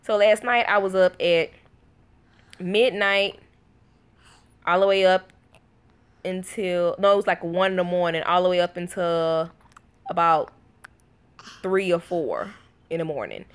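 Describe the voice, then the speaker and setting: A woman's voice: lowish voice, measured pace, pauses often, clean tone. A woman chatting casually to her viewers at home, tired after a night of little sleep, telling a story in a loose, conversational way and calling her audience y'all. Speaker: vlogger.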